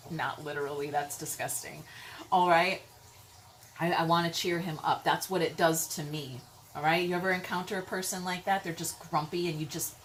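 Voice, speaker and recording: A woman giving a casual tarot reading, chatty and rambling, swearing freely, with sudden loud exclamations and frequent "okay?" check-ins. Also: lowish voice, a little hiss or hum, poor audio. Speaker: tarot reader.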